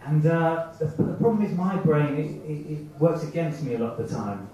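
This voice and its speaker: A man's voice: on the high side, expressive, normal speed, warm tone. Self-mocking male comic, echoey distant club recording. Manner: rambling, self-mocking, acts out inner voices. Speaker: stand-up comedian. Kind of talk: stand-up comedy set. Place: open mic night at a pub or club. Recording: echoey, muffled amateur club recording from afar.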